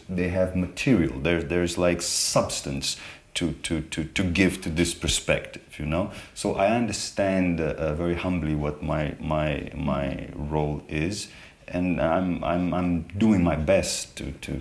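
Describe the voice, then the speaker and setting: A man being interviewed as an artist, speaking hesitantly with many repeated words and restarts. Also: sits low. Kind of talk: conversational interview.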